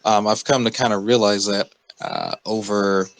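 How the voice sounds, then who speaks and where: Lowish-voiced guy rambling on a podcast, keeps correcting himself. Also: wildly swooping pitch, moderate pace, creaky, rough recording. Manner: rambling, many fillers and self-corrections. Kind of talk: casual podcast chat.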